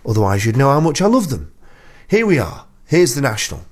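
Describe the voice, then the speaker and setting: A man's voice: medium pitch, wildly swooping pitch, fairly quick, soft background music. A man presenting a radio show, chatting casually as a rambling, self-deprecating storyteller into a studio microphone.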